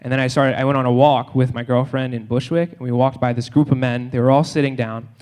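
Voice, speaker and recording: A man's voice: mid-range voice, fairly even intonation, fast talker, darkish tone. A man doing a live stand-up comedy set, chatty and self-mocking, laughing at his own jokes on a handheld stage mic. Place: live comedy hall with audience.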